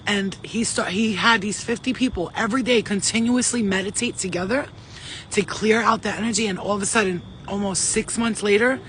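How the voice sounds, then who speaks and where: A spiritual channeler and vlogger with a notably high-pitched voice speaks directly to viewers in a casual, rambling monologue. He's profane and excitable, hopping between stories in quick digressions. The recording is rough, with a faint background hum beneath him.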